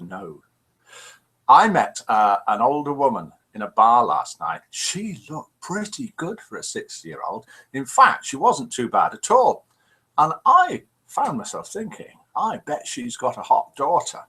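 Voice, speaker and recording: A man's voice: bright, forceful tone, husky. A British man hosting a live online show, chattily reading out viewer comments and telling cheeky jokes in a small home studio. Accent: British English. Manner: cheeky, playful joke-telling with wide pitch swings.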